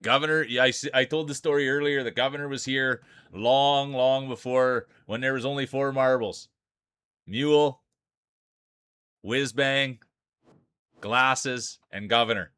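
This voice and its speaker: A man's voice: medium pitch, fairly even intonation, measured pace, a bit bright, clear, resonant tone, no echo. A man streaming live, calling marble races like a sports announcer and greeting viewers by name. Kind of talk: live stream race commentary.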